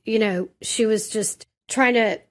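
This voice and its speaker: A woman co-hosting a podcast, telling a personal story in casual chat, animated and self-deprecating. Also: on the high side, measured pace. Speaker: podcast co-host.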